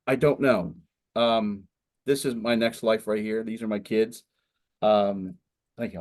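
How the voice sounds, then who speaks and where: A man's voice: fairly low pitch, fairly even intonation, measured pace, pauses often, a little mellow. A middle-aged man speaking as a state senator to students, talking casually and rambling with frequent fillers. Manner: rambling, conversational, frequent "you know".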